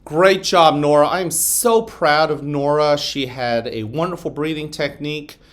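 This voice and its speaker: A school principal giving the morning announcements, leading children through a slow, calm breathing exercise and encouraging them. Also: male voice, a little high. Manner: encouraging, addresses children directly.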